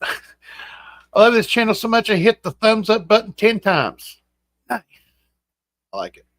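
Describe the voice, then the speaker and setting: A man's voice: high voice, very animated, unhurried, fairly bright tone, no room sound. A man with a West Virginian accent hosting a casual livestream, greeting viewers by name with a groggy morning voice. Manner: folksy, reads out and greets chat names. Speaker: livestream host. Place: home room.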